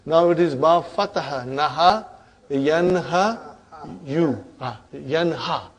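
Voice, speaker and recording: Slowly and with fairly high pitch, a man teaching Arabic grammar runs through verb forms with his student, whom he calls brother, often asking "huh?" and "okay?"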